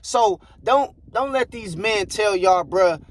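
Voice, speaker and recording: Man, high-pitched, blunt preachy monologue, faint traffic behind. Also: lively intonation, slow pace. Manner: blunt, preachy, repeats phrases like "bruh" and "I guarantee you". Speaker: relationship commentator. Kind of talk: casual monologue to camera.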